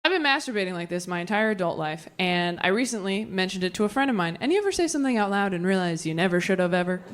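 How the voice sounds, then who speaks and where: A woman in her thirties performing a stand-up comedy set, chatting with the crowd in quick conversational asides. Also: medium pitch, animated. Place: large venue with a live audience. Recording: live show with audience laughter. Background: audience laughter.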